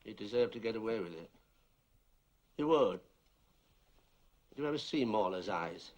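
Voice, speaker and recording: An actor playing a grieving, bitter widower in a film, speaking bluntly and with resentment. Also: male voice, fairly low pitch, animated, normal speed, a little mellow. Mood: resentful. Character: grieving, bitter widower who blames another man.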